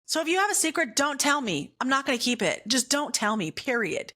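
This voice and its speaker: A woman's voice: sits high, big pitch swings, bright, forceful tone. A woman hosting a faith-based comedy podcast, telling a self-deprecating personal story and laughing at herself. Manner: acts out other people's lines in quick put-on voices. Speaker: podcast host.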